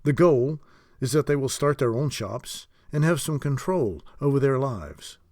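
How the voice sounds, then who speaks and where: Old storybook wizard, courtly and sharp, lively pitch; a male narrator puts him on. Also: no room sound, clean studio sound, close to an everyday voice. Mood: explaining. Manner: gracious, lecturing, quick to snap. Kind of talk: audiobook character voice.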